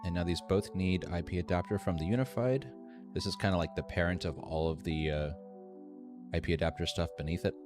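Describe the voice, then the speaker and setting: A very deep-voiced man walks viewers through software on a live stream, talking loosely and thinking aloud. He trails off with ums and restarts as he works. Soft music plays faintly behind him. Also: steady tone, a little fast. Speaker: streamer teaching AI animation. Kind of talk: live screen-share tutorial.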